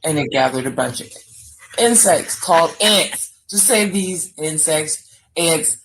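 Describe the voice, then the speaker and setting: A woman's voice: low-pitched, animated, slow, background noise. A woman co-hosting a live chat show, running a word game in a dry, unimpressed way. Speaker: podcast co-host.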